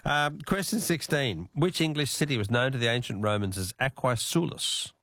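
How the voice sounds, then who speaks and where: A man with an Australian accent hosting a talkback radio quiz, chatty and quick to laugh. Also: mid-range voice, fairly bright tone, no room sound, studio quality.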